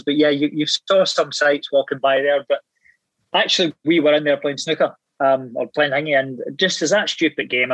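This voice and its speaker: A Scottish man in his thirties tells animated anecdotes full of swearing and laughter. His voice sits a touch high, and the recording is close and dry with no room sound. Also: no echo, rough recording. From Scotland. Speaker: guest actor. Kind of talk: casual storytelling chat.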